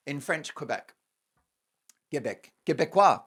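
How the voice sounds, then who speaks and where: A male talk show host ranting in a scornful, sarcastic monologue. His pitch swings widely as he piles up punchy lists for effect. The delivery is theatrical and mocking. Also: big pitch swings, moderate pace, bright, forceful tone. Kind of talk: opinionated monologue.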